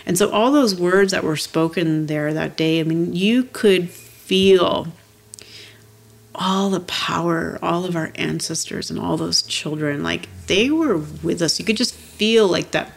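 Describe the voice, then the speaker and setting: Activist woman guest, low and gravelly, earnest and moved. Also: unhurried. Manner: earnest, frequent "you know" and "like" fillers. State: moved, near tears. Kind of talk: heartfelt storytelling in conversation.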